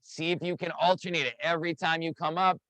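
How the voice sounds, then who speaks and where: Upbeat guy running an online fitness class, kinda high voice, super dry sound, counting down and hyping people up. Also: fast talker, no room sound, low-quality recording. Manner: energetic, counts down reps, calls out participants by name. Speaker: fitness instructor. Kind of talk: coaching a live online workout class.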